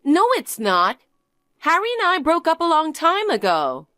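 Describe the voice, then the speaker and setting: A woman's voice: sits high, wildly swooping pitch, measured pace, sharp tone, dry recording, voice pushed up, full character voice. A woman voicing a spoiled young niece who stole her aunt's husband, talking in a sneering, sing-song, teasing way in a scripted dialogue drama. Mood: flippant.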